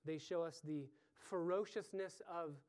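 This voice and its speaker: A man's voice: a little high, fairly even intonation, unhurried, a little mellow. A man preaching an earnest sermon as pastor, building to pleading emphasis.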